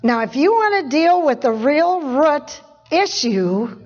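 A woman's voice: high voice, sing-song, takes it slowly, a little mellow. A woman preacher giving an informal sermon, chatty, laughing often and repeating phrases for emphasis. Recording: dull lo-fi recording.

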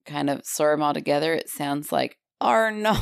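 A middle-aged woman co-hosting a podcast, with a gravelly, fairly low voice. She chats casually, laughs a lot and jumps in with quick reactions. The sound is dry and close. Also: no room sound. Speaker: podcast co-host. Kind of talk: casual chat.

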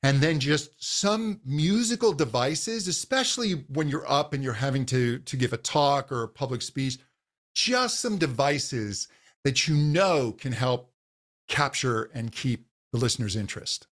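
A man's voice: medium pitch, animated, unhurried, fairly bright tone. A man, a voice coach guest on a podcast, patiently explaining how the voice works and demonstrating exercises.

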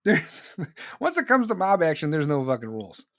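A man's voice: fairly high pitch, big pitch swings, moderate pace, a bit bright. A middle-aged man hosting a podcast, telling stories in a blunt, profane, casual monologue with frequent laughs. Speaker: podcast host.

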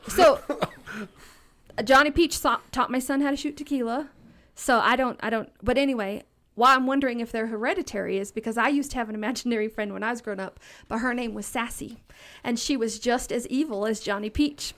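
A woman in her thirties tells stories on a podcast mic, animated and laughing. Her voice sits fairly high, and she slips into the voices of her characters as she goes. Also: fairly quick. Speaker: podcast guest storyteller. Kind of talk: casual storytelling. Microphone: podcast studio mic.

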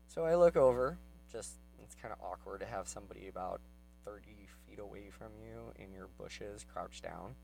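Gravelly man rambling through a story. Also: on the low side, a little mellow, soft background music, poor audio. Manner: rambling, lots of fillers, grows heated and fast when retelling his anger. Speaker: vlogger telling a personal story. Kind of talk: casual storytelling.

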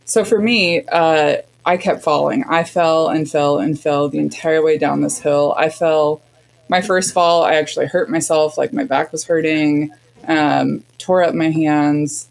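A woman's voice: low voice, steady tone, measured pace, vocal fry. A woman frankly recounting a hard hike on a podcast, blunt and self-mocking. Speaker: hunting partner and guest. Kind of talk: casual podcast storytelling.

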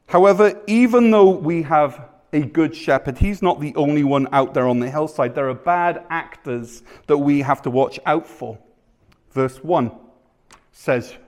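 This male pastor speaks a little slowly, his voice on the high side, as he preaches during a live service. Self-deprecating and conversational, he tells stories packed with animated asides.

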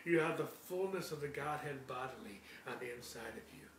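A man in a middle-pitched voice preaches with emphasis, driving home his points by repeating them. He is recorded from a distance in an echoey room with a faint hum behind him. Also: animated, brisk. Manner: emphatic, repeats key phrases. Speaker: Bible teacher.

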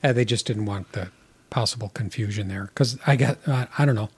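A man with a slightly husky voice talks through an old film with a friend. He is relaxed and jokey, often trailing off mid-thought and restarting. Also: on the low side, fairly quick. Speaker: podcast co-host. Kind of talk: casual chat.

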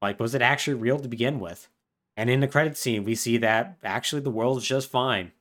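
Retelling the plot of a game in a relaxed way, this podcast co-host is animated and lively in pitch. He briefly puts on different voices for the characters as he goes.

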